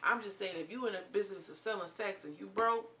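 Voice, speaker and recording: A woman casually recapping a reality show episode, animated and quoting the people in it. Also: mid-range voice, quick pace. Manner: animated, retells scenes in quoted voices. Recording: echoey room, faint noise.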